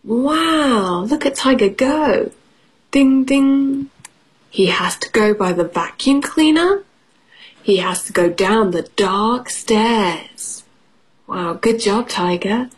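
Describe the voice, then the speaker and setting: A woman's voice: fairly high pitch, expressive, takes it slowly, breathy edge, low-quality recording. A woman teacher reading a picture book aloud to children, encouraging them and asking questions. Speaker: English teacher.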